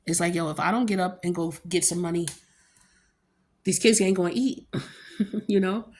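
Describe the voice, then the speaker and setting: A woman's voice: lowish voice, moderate pace. A woman giving a casual tarot reading to camera at home, chatty and blunt, talking in loose slang and cursing freely. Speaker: tarot card reader.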